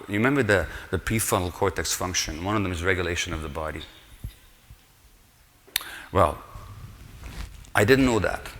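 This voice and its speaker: A man's voice: low-pitched, fairly bright tone. An older man giving an earnest conference lecture in a large hall, explaining and posing rhetorical questions to the audience. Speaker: conference speaker, physician. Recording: long hall reverb.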